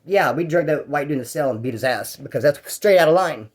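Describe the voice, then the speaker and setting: A man from Bakersfield, California, rattles off prison stories at a quick clip in a slightly high voice. He talks in a rambling, profane way and acts out both sides of every exchange. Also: animated. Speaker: storyteller recounting prison life. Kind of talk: casual storytelling vlog.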